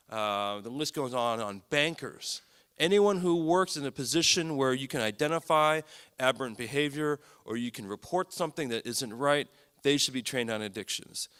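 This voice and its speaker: Psychiatrist guy lecturing a crowd, earnest, hammering his points, bright forceful voice. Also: mid-range voice, smooth. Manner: earnest, emphatic, lists points with repetition. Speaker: psychiatrist speaking at a lecture event. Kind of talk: public talk to an audience.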